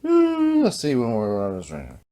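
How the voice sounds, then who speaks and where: Male vlog host, relaxed and rambling, peppers his talk with "man" and slips into low mutters. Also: quick pace. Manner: laid-back, rambling, ends sentences with "man". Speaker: vlog host, guitar repairer. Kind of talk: casual workshop vlog.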